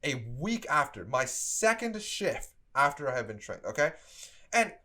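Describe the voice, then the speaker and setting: Animated young man telling a story. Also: a little high, measured pace. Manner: animated, exasperated storytelling with frequent "like". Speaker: streamer telling work stories. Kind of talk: casual storytime.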